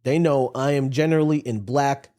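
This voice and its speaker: Man telling a story with animated flair. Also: medium pitch. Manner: animated storyteller acting out other people's lines; talks in quick bursts with many restarts and "like". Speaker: podcast co-host. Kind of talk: casual storytelling chat.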